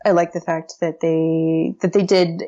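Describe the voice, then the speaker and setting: A woman with a low, gravelly voice chats eagerly as a podcast guest, full of ums and restarts. Her tone is dark and mellow. The recording sounds dull and lo-fi. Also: flat delivery, measured pace. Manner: enthusiastic and chatty, with many fillers. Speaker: interview guest, brand strategist. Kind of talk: casual podcast conversation.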